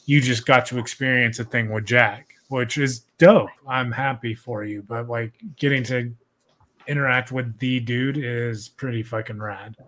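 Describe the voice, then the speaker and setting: A man's voice: medium pitch, steady tone, measured pace, a bit bright. Young male podcast host, casual and profane, loose rambling delivery. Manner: profane, laid-back, rambling with many "like"s.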